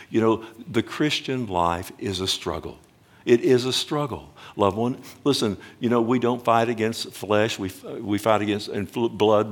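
A man preaching a sermon emphatically, often slowing down to stress words and calling out to his listeners directly. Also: fairly low pitch. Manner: emphatic, swings between loud and hushed, addresses the congregation directly. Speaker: pastor.

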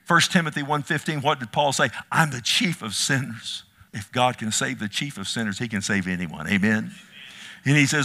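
A male preacher delivering an impassioned sermon, rising to loud cries, then dropping to low pleading, and calling his listeners "loved one". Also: normal speed.

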